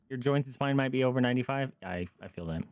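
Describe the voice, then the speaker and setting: A man streaming a game, joking and reacting with animated asides as he plays. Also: mid-range voice, fast talker, no echo. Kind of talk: live gameplay commentary.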